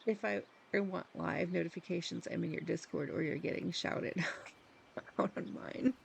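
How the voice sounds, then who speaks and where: A woman's voice: lowish voice, fairly even intonation, a little slow, gravelly, a little hiss or hum, low-quality recording. A woman live-streaming a video game, chatting casually with viewers in a rambling, giggly, self-deprecating way.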